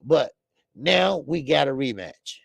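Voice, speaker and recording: Call-in host, male, heavy vocal fry, dry booth sound, loose animated rambling. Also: mid-range voice, takes it slowly, no echo. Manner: animated, rambling, many filler restarts. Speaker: boxing call-in show host. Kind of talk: casual call-in show chat.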